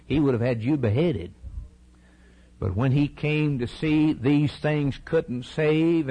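A man preaching a sermon who quotes scripture in old-fashioned wording and swings from shouted cries to hushed, low asides.

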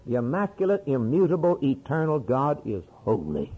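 A man preaching a fervent sermon, dropping to low murmurs and rising to impassioned cries. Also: sing-song, moderate pace, slightly rough, phone-quality sound.

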